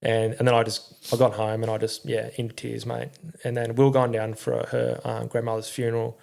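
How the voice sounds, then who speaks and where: A man's voice: medium pitch, level tone, a little fast, vocal fry, darkish tone. A middle-aged Australian man telling his story in a candid, rambling way, swearing often and using slang. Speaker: podcast guest, former army crew commander.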